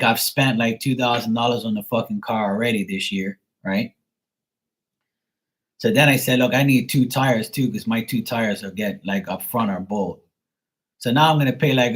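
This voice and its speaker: A man hosting a live tarot stream, chatting casually and telling a rambling, animated story, full of "you know" and "like". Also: on the low side, rough recording.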